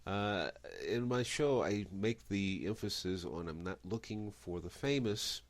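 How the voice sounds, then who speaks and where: A man's voice: fairly low pitch, unhurried. A middle-aged man from the United States, hosting a radio interview in a chatty, rambling way, often correcting himself as he talks. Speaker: radio show host.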